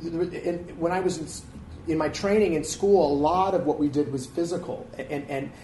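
Animated man telling stories in an echoey room. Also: on the high side, moderate pace. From Detroit, USA. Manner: animated storytelling with frequent restarts and laughs. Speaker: actor and comedian, interview guest. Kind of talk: candid conversational interview. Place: live interview before an audience. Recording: echoey room, faint ambient noise.

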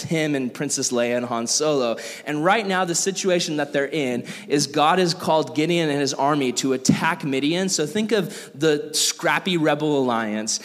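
Young male youth teacher, bright higher register, jokey and animated, reverberant hall. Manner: animated, jokey, acts out quoted characters. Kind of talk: casual Bible teaching. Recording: echoey hall.

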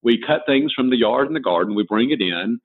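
Husky southern-accented man on a tinny line. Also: medium pitch, animated, a little fast. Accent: Southern American. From American South. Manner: folksy storyteller, frequent restarts. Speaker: interior designer and author. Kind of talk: interview answers.

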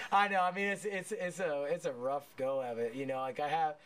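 A man's voice: a little high, steady tone, moderate pace, fairly bright tone. Laughing, cursing guy telling stories. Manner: profane, laughing storyteller; rambling with many restarts. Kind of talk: casual chat.

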